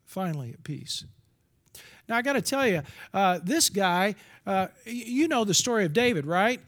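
A man's voice: high voice, animated, normal speed, a bit bright. A middle-aged man giving a candid, confessional sermon as a preacher, with restarts and asides.

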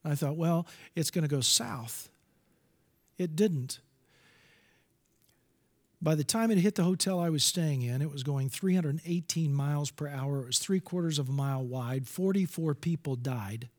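A man's voice: a little high, measured pace, darkish tone. A middle-aged man preaching a sermon, earnest and storytelling, acting out bits of dialogue.

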